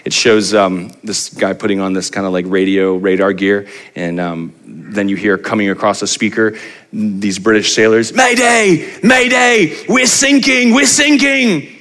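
A man in his forties, a pastor delivering a sermon, animated and often putting rhetorical questions to the congregation. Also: normal speed. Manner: animated, pitch rising for emphasis, asks the crowd rhetorical questions.

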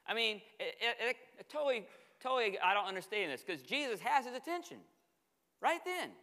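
A man preaching a sermon as pastor, telling stories in an animated way and acting out the dialogue. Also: high voice, fairly quick, in a large hall. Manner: animated storytelling, acts out dialogue. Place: church sanctuary.

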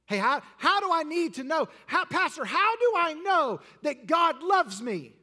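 A pastor playing a pleading churchgoer. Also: male voice, very high voice, very animated, unhurried, pushed and bright, pitched above the performer's own voice, heavily acted. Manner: raised, pleading questions. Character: pleading churchgoer man asking for proof. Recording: long hall reverb.

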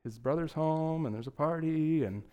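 A man voicing an excited male household servant as he retells a Bible story in a sermon. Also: fairly high pitch, normal speed, smooth, phone-quality sound, natural voice. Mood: hesitant.

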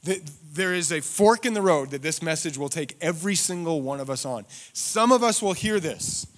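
A pastor preaching a sermon in church, swinging from loud rhetorical questions to hushed, slowed emphasis. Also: male voice, on the high side, expressive.

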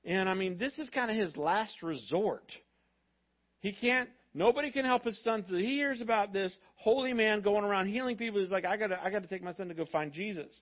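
A man preaching a sermon, telling a story in an animated, conversational way. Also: sits high, lo-fi sound. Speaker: pastor.

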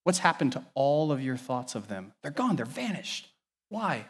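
Animated man preaching a sermon. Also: mid-range voice, moderate pace, breathy edge. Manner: animated, varies loudness widely, conversational asides. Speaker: pastor.

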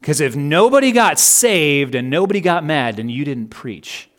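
A man's voice: a little high, very animated, normal speed, a bit bright. A man voicing a blunt, plain-spoken male preacher with a North Carolina accent.

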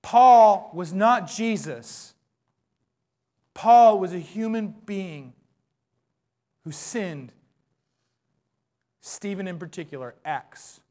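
A man preaching a sermon as pastor, his voice going hoarse, impassioned and swinging between soft, low passages and loud ones. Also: animated, slow pace, pauses often.

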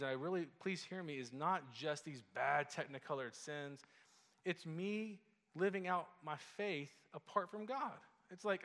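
A man preaching a sermon in a relaxed, conversational way, leaning hard on key points and often restarting with a quick "like." His voice sits at an ordinary middle pitch. It carries a long reverb, as if recorded in a large hall. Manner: conversational and emphatic, frequent "like" and restarts. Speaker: pastor.

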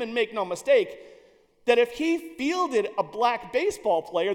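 A man telling a story in an animated, emphatic way, with some restarts. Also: extremely high pitch. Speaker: speaker. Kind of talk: storytelling speech. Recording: long hall reverb.

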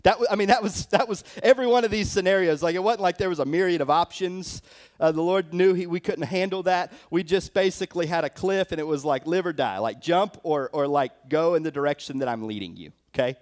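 Young male pastor, slightly high voice, casual sermon testimony, lots of filler words. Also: brisk. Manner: conversational storytelling with many fillers.

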